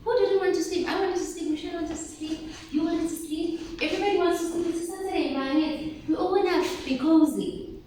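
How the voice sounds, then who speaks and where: A woman giving an animated motivational workshop talk to teenage girls, asking them questions and calling for their replies. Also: very high-pitched, a little fast. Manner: animated, asks the audience questions and calls for replies. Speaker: workshop speaker for teen girls. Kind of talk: motivational talk to a live group. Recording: very echoey room, voice from far off, faint noise.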